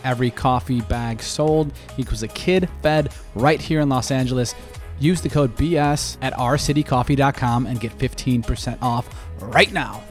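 A man's voice: mid-range voice, normal speed, soft background music. A man hosting a podcast, reading sponsor spots and bantering with his co-host. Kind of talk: casual chat and ad read.

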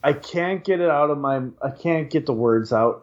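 A man's voice: on the high side, a little fast, few pauses, muffled recording. A young man from Wisconsin, co-hosting a podcast, telling a long story in casual chat, rambling and swearing with lots of fillers. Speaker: podcast co-host.

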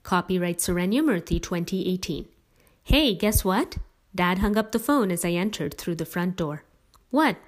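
A woman reads a family story aloud as a lively, expressive narrator. Her voice sits on the low side for a woman. The narration is steady and clear. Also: brisk, few pauses.

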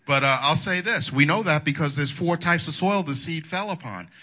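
A man's voice: on the high side, expressive, moderate pace, pushed and bright. A male pastor preaching a sermon in a folksy, colloquial way, wandering into asides.

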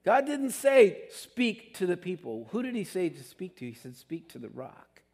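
A man's voice: sits high, sing-song, normal speed, darkish tone. A man preaching a sermon in an earnest, conversational way, with emphatic rises on his key points. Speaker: pastor. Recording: long hall reverb.

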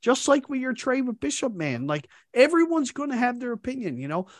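A man hosting a casual podcast, swearing freely and slipping into other people's voices when he quotes them. His pitch swings widely as he gets worked up. The sound is dry and close. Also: fairly quick, no room sound. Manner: animated, profane, acts out others' chat messages. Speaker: podcast host. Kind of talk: casual fantasy sports chat.

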